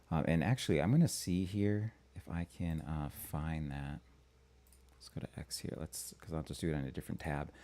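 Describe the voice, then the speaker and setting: Man, very low voice, dark mellow tone, live-stream host, halting with restarts. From Minnesota. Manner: halting, lots of restarts and fillers. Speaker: astrology channel host.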